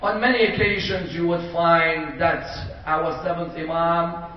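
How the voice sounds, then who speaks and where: A man's voice: fairly high pitch, fairly even intonation, unhurried. A man delivering a majlis sermon in a large community hall, telling a story dramatically and voicing its characters. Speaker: preacher. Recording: distant echoey hall, dull sound.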